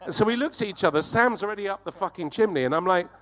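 A man, telling a profane, animated anecdote and laughing through it as a comedy guest. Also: high voice, fast talker. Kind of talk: anecdotal storytelling.

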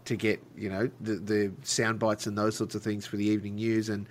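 A man's voice: on the low side, little pitch movement, a little fast. A man interviewing a guest, asking questions with a dry, teasing edge. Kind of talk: casual interview.

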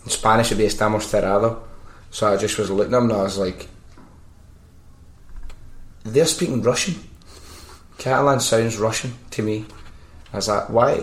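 A man's voice: fairly low pitch, fast talker. A Scottish man hosting a podcast, chatting casually and telling stories with plenty of swearing. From Scotland. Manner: sweary, animated storyteller. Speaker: podcast host. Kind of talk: casual chat. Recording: roomy echo.

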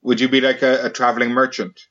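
A man's voice: mid-range voice, flat delivery, fast, a bit bright, dull audio. A man hosting a podcast, chatting casually and playfully, firing off questions. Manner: playful, keeps asking questions and doing silly voices. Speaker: podcast host. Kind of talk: casual chat.

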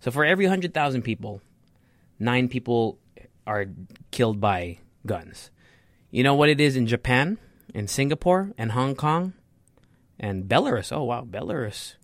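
In a casual opinion rant to camera, a young male vlogger gets heated and swears, frequently tripping over and repeating his words. His medium-pitched voice is captured with studio quality and no room sound.

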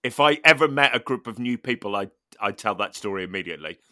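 A man hosting a podcast, telling a funny story in casual chat with animated, laughing delivery. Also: mid-range voice, fast, no echo, studio quality. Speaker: podcast host.

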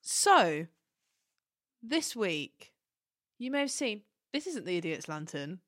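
A woman's voice: mid-range voice, very animated, slow, a bit bright. A woman hosting a podcast in casual chat, talking in a chatty, rambling and giggly way. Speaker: podcast host. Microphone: studio podcast mic.

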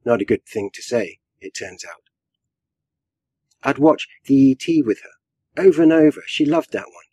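A man's voice: medium pitch, lively intonation, mellow, breathy edge, no echo. Man reading his own fiction, dry. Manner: measured storytelling with dry wit. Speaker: writer and guest.

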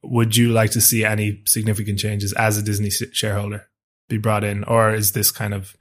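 A man's voice: fairly low pitch, completely flat delivery, brisk. A man hosting a casual podcast, asking easygoing questions. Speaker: podcast host. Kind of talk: casual chat.

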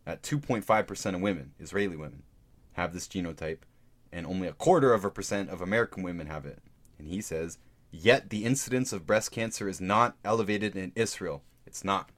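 A man's voice: sits low, brisk, a bit bright. A man hosting his own podcast, talking casually through a book and reading out passages. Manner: conversational, thinks aloud, reads out quotes. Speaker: podcast host reviewing a book. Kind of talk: casual solo podcast talk.

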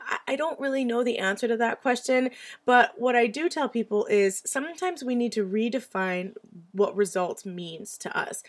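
A woman hosting her own podcast, hoarse and stuffy from allergies, talking in a chatty, confiding, self-deprecating way. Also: medium pitch. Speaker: podcast host. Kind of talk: casual solo podcast talk. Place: home in the US Southwest.

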